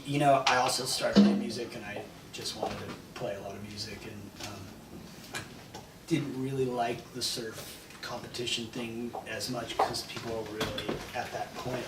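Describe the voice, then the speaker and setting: A man in his fifties with a Californian accent, telling rambling travel stories in a casual interview, often laughing. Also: lowish voice. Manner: laid-back, rambling, laughs often, acts out voices in anecdotes. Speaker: interview guest, former pro surfer. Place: large echoey room at a live event. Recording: distant mic, roomy echo, noisy ambience.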